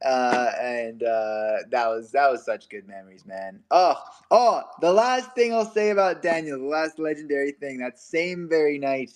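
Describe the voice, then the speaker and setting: A man's voice: medium pitch, moderate pace, hardly any pauses. A young man hosting a casual livestream, chatty and laughing often as he rambles through stories. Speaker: livestream host.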